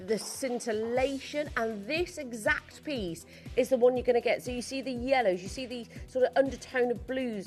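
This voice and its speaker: A woman's voice: on the high side, darkish tone. A woman presenting live on a shopping channel from a TV studio, speaking in chatty, gushing sales patter full of asides.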